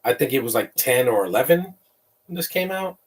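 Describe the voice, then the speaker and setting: A man's voice: mid-range voice, sing-song, a little fast, slightly rough, distant mic. A man giving casual live film commentary, rambling and opinionated, often tripping over repeated words. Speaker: movie commentator.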